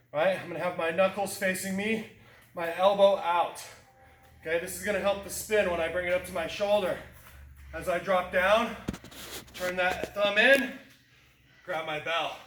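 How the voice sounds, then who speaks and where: High-voiced male fitness coach, echoey room. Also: fairly bright tone, distant mic. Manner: encouraging, cueing moves step by step. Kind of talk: workout instruction. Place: gym.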